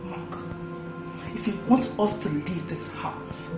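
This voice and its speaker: Bitter nigerian sister, roomy echo, music behind. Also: female voice, medium pitch, lively intonation, takes it slowly. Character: widowed sister, cold and bitter. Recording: echoey, music underneath.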